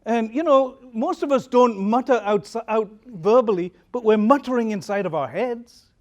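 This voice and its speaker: A man with a noticeably high voice gives a talk as a pastor. He tells stories in a loose, conversational way and keeps asking his listeners questions. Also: moderate pace, a little mellow, lo-fi sound. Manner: conversational, storytelling, asks the audience questions. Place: conference hall.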